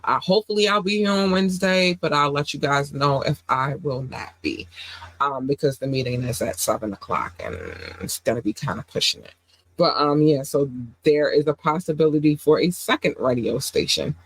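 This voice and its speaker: A woman hosts a casual livestream podcast while feeling under the weather, low on energy. She talks affectionately and rambles, using lots of fillers. The recording has no echo and is low in quality.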